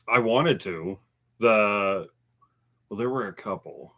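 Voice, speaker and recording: A man co-hosting a live stream in casual chat, chatty and animated, laughing often and reading viewer comments aloud. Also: lowish voice, takes it slowly.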